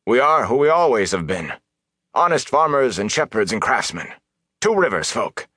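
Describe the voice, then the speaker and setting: A man voicing a commanding woman sorceress, speaking quietly but sternly. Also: mid-range voice, sing-song, moderate pace, dry recording, studio quality, voice pushed up.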